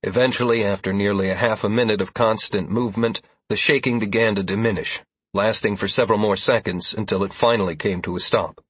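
Husky low-voiced male audiobook narrator. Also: steady tone, fast, a bit bright, no room sound. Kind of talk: first-person fantasy audiobook narration.

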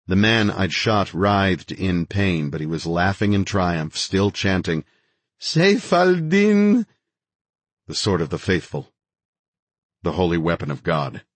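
Deep husky male thriller narrator. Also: dry recording. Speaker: audiobook narrator. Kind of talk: first-person thriller narration.

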